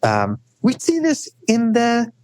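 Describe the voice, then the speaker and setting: A man telling stories as a guest scholar in a podcast interview, animated and often adding "right?". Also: slow, no room sound. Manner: animated storyteller, rising high for emphasis; frequent "right?" tags.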